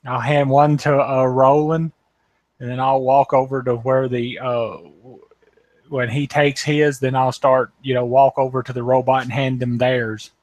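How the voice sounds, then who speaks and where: A man's voice: medium pitch, flat delivery, unhurried, darkish tone, no room sound, rough recording. A man with a mid-range voice plays a tabletop role-playing game. He describes his character's actions casually, stumbling over his words. The sound is close and dry. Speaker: player.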